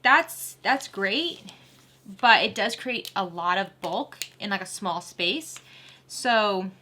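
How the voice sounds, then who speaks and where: A woman's voice: mid-range voice, pushed and bright, a little hiss or hum. A woman hosting a casual sewing tutorial, chatting and laughing with viewers while she works. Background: faint sewing machine whir.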